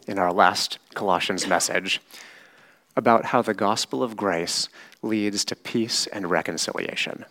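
A man delivers a sermon in a lowish voice. He speaks very slowly and deliberately, like a patient teacher, and often checks in with his listeners. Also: fairly bright tone. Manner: slow, measured teaching with frequent "right?" checks. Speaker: pastor.

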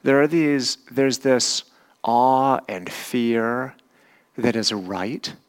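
A man's voice: medium pitch, steady tone, very slow, clear, resonant tone. A man preaching a sermon in a conversational way, often asking his listeners questions. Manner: conversational, asks the congregation questions. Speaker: pastor.

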